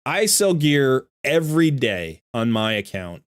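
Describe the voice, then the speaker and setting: Very animated but unhurried, this mid-range male voice belongs to a game streamer coaching his audience. Sorting through gear, he comes across mildly annoyed, speaking bluntly and forcefully and repeating himself often in casual livestream commentary.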